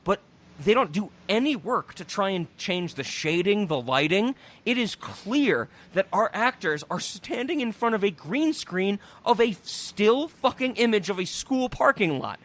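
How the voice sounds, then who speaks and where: An excitable podcast host, a man, tells a story in loose, profane, animated chat. His voice sits high for a man and leaps all over the place in pitch. He laughs and keeps the energy up. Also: normal speed.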